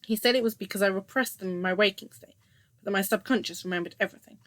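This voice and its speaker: A woman's voice: mid-range voice, fast, dry recording. Dry, close woman narrating a story. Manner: steady first-person storytelling.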